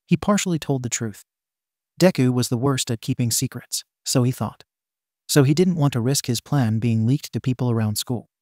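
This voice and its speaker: A man narrating a fan fiction story in a steady, even manner. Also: medium pitch, moderate pace, no room sound, studio quality.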